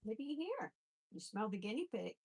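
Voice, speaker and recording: A woman's voice: fairly high pitch, big pitch swings, normal speed, a little mellow, breathy edge. A woman hosting a casual live chat, handling her pets and cooing to them in baby talk between replies to viewers. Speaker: live-stream host and rabbit foster carer.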